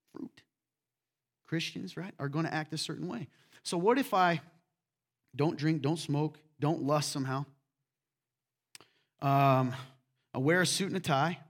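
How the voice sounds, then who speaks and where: A man delivering a sermon as pastor, his voice a touch on the high side. He talks to the congregation conversationally and keeps checking in with questions. He moves between loud, emphatic points and soft asides.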